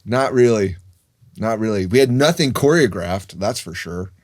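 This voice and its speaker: Lively rambling man in his fifties. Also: on the low side, normal speed. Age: 50s. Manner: rambling storyteller with frequent restarts. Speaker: guest. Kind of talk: casual interview chat.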